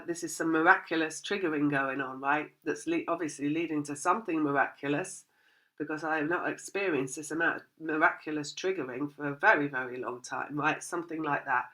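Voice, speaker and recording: A woman's voice: sits low, a bit bright. A woman giving a casual, rambling tarot reading, laughing often and acting out her listeners' thoughts. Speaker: tarot reader.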